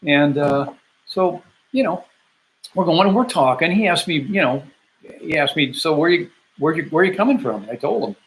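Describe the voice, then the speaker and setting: A man's voice: a little high, expressive, normal speed, low-quality recording. A man in his seventies from Michigan, a Vietnam veteran casually telling his homecoming story, rambling with fillers and acting out the dialogue. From Grand Rapids, Michigan, USA. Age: 70s. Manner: rambling, acts out quoted dialogue, frequent fillers and restarts. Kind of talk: casual first-person storytelling.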